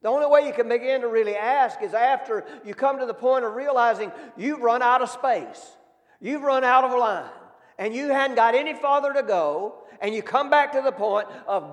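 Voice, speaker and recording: A man's voice: very high voice, moderate pace. A man preaching a sermon, folksy, asking the congregation questions directly. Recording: long reverb of a hall.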